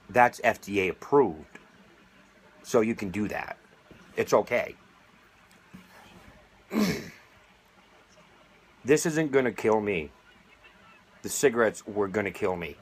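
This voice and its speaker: A middle-aged man speaking straight to camera, sarcastic and indignant, making a plea as a vaping advocate. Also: fairly low pitch. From United States. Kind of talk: direct-to-camera appeal.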